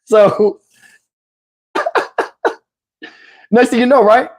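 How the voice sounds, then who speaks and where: Animated, slangy storyteller man. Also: very high-pitched, drawn-out words. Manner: animated, slangy, loose, with frequent restarts and asides to viewers. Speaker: vlogger telling a personal story. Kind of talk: casual comic storytelling.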